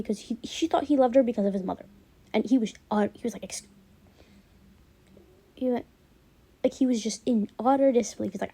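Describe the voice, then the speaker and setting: Fast-talking young woman gushing about a show. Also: fairly high pitch, vocal fry, husky. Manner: gushing, animated recap with acted-out quotes. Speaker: vlogger. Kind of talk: casual chat.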